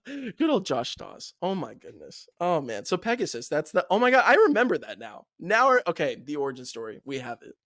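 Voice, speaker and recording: A man's voice: on the high side, wildly swooping pitch, a little fast, fairly bright tone, no room sound. A young man hosting a podcast, chatting casually and upbeat, laughing often and swearing now and then. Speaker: podcast host. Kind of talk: casual chat.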